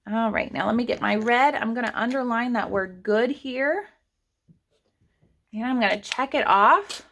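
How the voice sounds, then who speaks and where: A woman teaches kindergarteners online, writing sentences while sounding out every letter. She speaks slowly and patiently, drawing out each sound for small children. Her pitch sits in an ordinary middle range. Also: gravelly, fairly bright tone.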